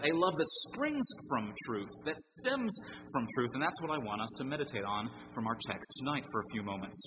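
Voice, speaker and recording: A man's voice: mid-range voice, sing-song, fairly quick, hardly any pauses. A middle-aged male pastor preaching an evening sermon, earnest and emphatic, repeating key phrases for weight. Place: church sanctuary. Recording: long hall reverb with background hum.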